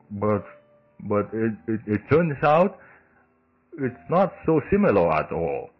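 Lower-pitched man, solo podcast host, halting delivery full of fillers and restarts. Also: dull audio. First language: Indonesian.

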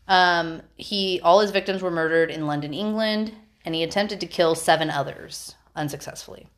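A woman hosting a podcast, a little tipsy from wine, chatting casually in a loose, giggly, swearing way. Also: lowish voice. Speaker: podcast host. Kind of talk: casual chat.

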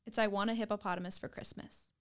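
A woman's voice: mid-range voice, fairly even intonation, fast talker, clear, resonant tone. Teasing young woman running a quiz. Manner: teasing, sings lyric snippets. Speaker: quiz host. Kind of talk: casual game chat.

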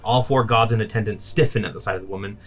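A man narrating as game master of a tabletop game, relaxed and full of asides. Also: on the low side, quick pace, faint music behind.

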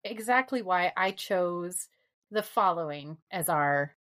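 A woman's voice: on the low side, animated, takes it slowly, fairly bright tone. A woman hosting a casual chat, wry and encouraging. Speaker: podcast host.

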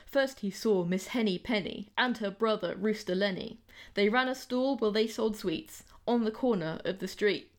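A woman's voice: mid-range voice, normal speed. A young woman, a podcast host, reading her own rhyming poem aloud with playful, sing-song storytelling. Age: young adult.

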